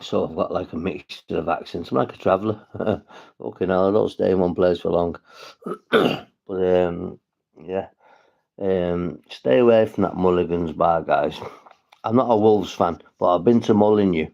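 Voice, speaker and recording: A man's voice: deep voice, normal speed, creaky, lo-fi sound. A man from St Helens with a northwest English accent, rambling and swearing as he chats to viewers on a casual livestream. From St Helens, England.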